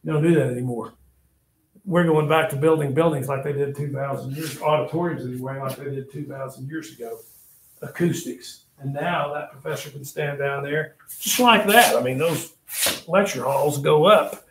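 A man teaching a history class, telling the story with lively asides and reminders to take notes. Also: a little high, moderate pace, a little hiss or hum. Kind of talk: classroom lecture. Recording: echoey classroom.

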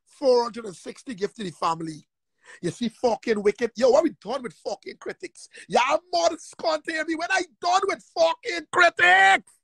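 A man on a heated livestream rant, angry, profane and repetitive, often shouting. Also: extremely high pitch, creaky, dry recording.

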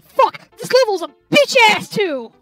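A young woman, tipsy from drinking, commenting loudly on a game she is playing, swearing and yelling at it as she goes. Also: extremely high pitch, very animated, unhurried, dry recording, faint music behind, rough recording. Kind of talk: let's play commentary while drinking.

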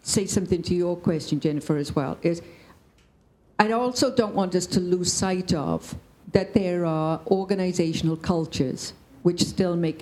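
A woman's voice: lowish voice, mellow, low-quality recording. A woman speaking on a discussion panel, telling a story emphatically and checking in with "right?".

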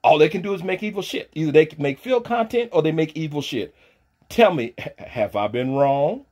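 A man delivers a profane, taunting livestream rant. He drops into low, quiet mutters, then climbs into loud, high-pitched shouting. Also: animated, brisk. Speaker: streamer pastor. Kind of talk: ranting livestream monologue.

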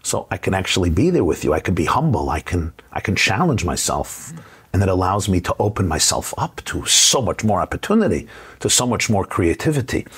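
A middle-aged man with a New York accent tells a story as a guest on a television interview. His low voice is very husky and rough, and his pitch swings widely as he acts out the people he quotes, rushing some phrases and slowing on others. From United States. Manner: animated storyteller, acts out quoted voices, quick bursts then slow.

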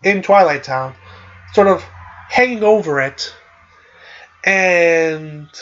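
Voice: mid-range voice, slow, fairly bright tone, highs cut off. A podcast host casually recapping a game's story in a loose, rambling way, with lots of "like" and "uh". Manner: loose and chatty, with frequent "like" and "uh".

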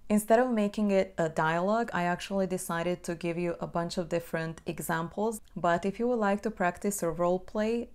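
Portuguese-accented woman, language tutor, smooth resonant voice, slow model repetitions. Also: on the low side, a little mellow. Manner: explains plainly, then repeats phrases slowly to demonstrate. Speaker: Portuguese teacher. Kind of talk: language lesson.

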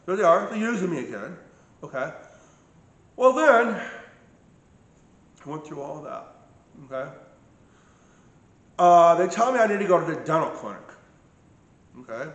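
A man's voice: a little high, sing-song, measured pace, long pauses, reverberant. A man telling his own story of medical mistreatment in a casual, emphatic way, often checking in with "okay?". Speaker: patient recounting his medical ordeal. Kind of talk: casual personal account.

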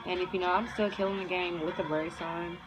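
A young woman in a neck brace telling a story in an animated, profane, casual way and acting out everyone's voices. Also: fairly low pitch, brisk, music in the background, poor audio. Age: young adult. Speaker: vlogger.

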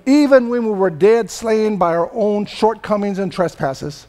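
Older california preacher guy, really high voice, chatty sermon that gets loud and shouty. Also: a little slow. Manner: loose, conversational preaching that swells into emphatic shouting. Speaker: pastor.

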